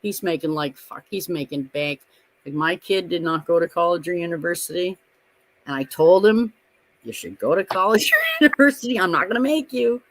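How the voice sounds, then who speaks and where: A middle-aged co-host of a live watch-party stream, in loose casual chat. The voice sits at an ordinary pitch, and the talk wanders through profane stories broken up by frequent laughter. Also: lively intonation, normal speed, fairly bright tone, no echo. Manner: rambling, profane storyteller who laughs often.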